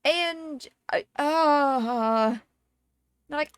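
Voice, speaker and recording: Girl streaming, high voice, dry close mic, annoyed rambly story w lots of likes and swears. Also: slow pace, long pauses, no room sound. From Canada. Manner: exasperated, animated retelling with swearing and filler words. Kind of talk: casual storytelling to stream chat.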